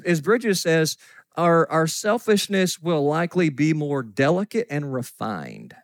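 A man's voice: a little high, no room sound. Male pastor, 40s, folksy storytelling sermon, dry close sound. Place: church sanctuary.

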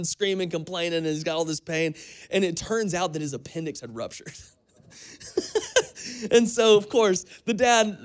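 Pastor preaching in a high, casual voice. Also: male voice. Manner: conversational storytelling with repeated restarts. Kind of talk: sermon.

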